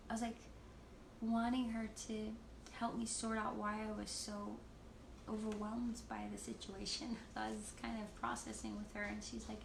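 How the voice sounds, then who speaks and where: A woman leading worship on a livestream, sharing a personal testimony in a candid, halting way with frequent laughs. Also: on the high side, completely flat delivery, gravelly, background noise. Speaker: worship leader. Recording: roomy echo with loud guitar. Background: guitar music.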